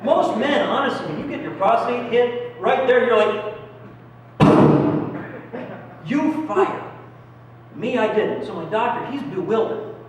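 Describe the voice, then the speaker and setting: A man's voice: extremely high pitch, animated, moderate pace. A young man telling self-deprecating stand-up stories, acting out his own squeals and pleas. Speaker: stand-up comedian. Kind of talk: stand-up comedy. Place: small comedy club. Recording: echoey hall, distant mic, room noise.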